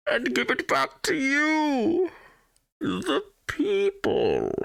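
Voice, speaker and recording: A man voicing an excitable older male courtroom judge in a video game, with theatrical outbursts. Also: high voice, vocal fry, no room sound, clean studio sound, full character voice.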